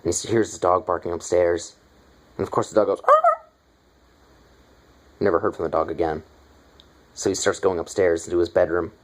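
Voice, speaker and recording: A man giving a casual, rambling movie review, excited and swearing a lot. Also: low voice, fairly quick, slight background noise.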